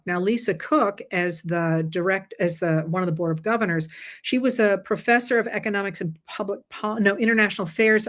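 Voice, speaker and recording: Tired woman with a low voice explaining things. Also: fairly bright tone. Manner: conversational, explains step by step. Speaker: host. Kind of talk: casual explainer chat.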